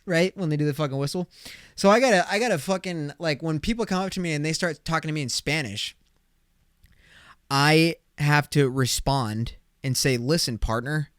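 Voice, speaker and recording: A young man hosting a casual solo podcast, rambling excitedly with slang and swearing. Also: on the high side, moderate pace, smooth, dry recording, clean studio sound. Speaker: podcast host.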